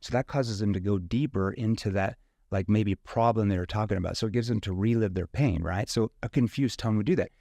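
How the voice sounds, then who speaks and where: A man's voice: fairly low pitch, fairly quick, creaky, mellow, dry recording. A man from rural Missouri, a sales trainer talking casually in an interview and acting out questions in different tones.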